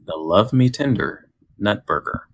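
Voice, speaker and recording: A man co-hosting a podcast, running segments in a playful, lively way. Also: lowish voice, unhurried, dry recording, studio quality. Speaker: podcast co-host. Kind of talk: casual chat.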